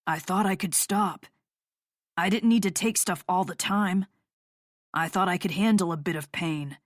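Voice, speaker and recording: A woman's voice: moderate pace, no room sound, clean studio sound, lightly acted. A woman voicing a bitter, growling rock musician. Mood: confessional. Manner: low, flat, growling delivery. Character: bitter male rock musician, hurting and guarded. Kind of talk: audiobook character voice.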